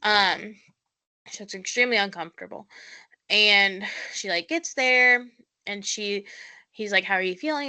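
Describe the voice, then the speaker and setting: A woman's voice: medium pitch, bright, forceful tone, smooth. A woman co-hosting a podcast, recapping a show in casual chat with many fillers and acted-out quotes. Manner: chatty, lots of "like" fillers, acts out quotes. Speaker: podcast co-host.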